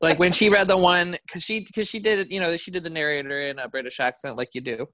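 Male co-host, a bit high-pitched, lively retelling with acted quotes, dry close mic. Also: fast talker, dry recording. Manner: animated storyteller, acts out quotes. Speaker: podcast co-host. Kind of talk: casual chat.

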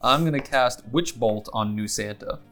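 A man's voice: medium pitch, normal speed, fairly bright tone, faint music behind. A man playing a tabletop game in a casual, easygoing way, often breaking into laughs. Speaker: player.

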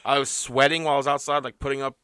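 Relaxed middle-aged male podcast host. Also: medium pitch, racing, clean tone, dry recording, studio quality. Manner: laid-back, frequent "uh" and "like", joking. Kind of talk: casual podcast chat.

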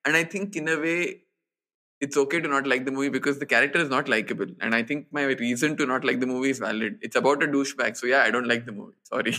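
A man's voice: mid-range voice, fairly even intonation, fast, pushed and bright. A man co-hosting a podcast, giving frank, blunt opinions in a casual chat about films. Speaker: podcast co-host.

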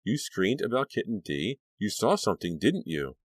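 A man's voice: lowish voice, sing-song, normal speed, husky, no echo, voice pushed up. A man voicing a worried, caring teenage girl who questions her friend urgently.

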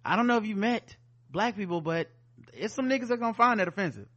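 A podcast host, a man with a somewhat high voice, chatting casually. He rambles animatedly, piling up asides and fillers as he goes. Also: animated, fast, fairly bright tone, muffled recording. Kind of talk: casual chat.

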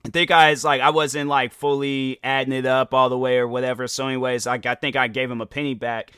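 Bright-voiced young man telling a story. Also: medium pitch, fast talker, smooth, no echo, studio quality. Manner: rambling, animated, lots of fillers and restarts. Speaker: podcast host. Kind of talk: casual storytelling.

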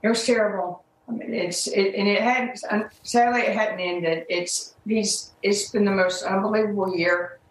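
A woman giving a TV interview as a mother, halting and upset, with many restarts. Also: mid-range voice, steady tone, echoey room, slight background noise, low-quality recording.

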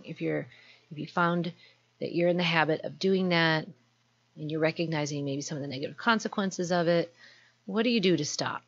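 A woman's voice: low-pitched, moderate pace. A woman giving an earnest, explanatory self-help talk, unscripted. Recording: dull lo-fi recording.

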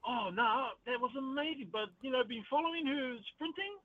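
A male caller with a New Zealand accent, chatting in a relaxed, slangy way over the phone. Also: very high voice, fairly quick, no room sound. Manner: laid-back, slangy. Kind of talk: casual phone chat. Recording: muffled phone line.

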